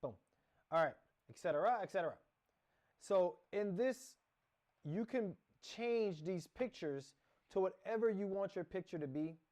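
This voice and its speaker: A fairly high-voiced man walks through a software lesson while sharing his screen. He rambles casually, narrating each click and correcting himself mid-sentence. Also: lively intonation, unhurried. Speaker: course instructor. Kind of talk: casual screen-share tutorial.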